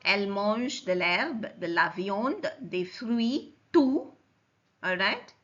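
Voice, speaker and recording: Woman teacher going over french words slow, bright voice, kinda dull lo-fi sound. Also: mid-range voice, sing-song. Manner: slow and explanatory, repeats forms and checks understanding. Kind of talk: recorded lecture. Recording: dull lo-fi recording.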